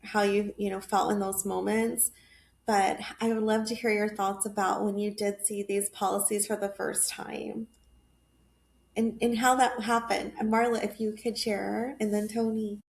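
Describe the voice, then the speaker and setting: Earnest woman host with gravelly voice. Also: mid-range voice, little pitch movement, reverberant. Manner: earnest, halting with fillers. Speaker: podcast host. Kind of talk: heartfelt interview talk.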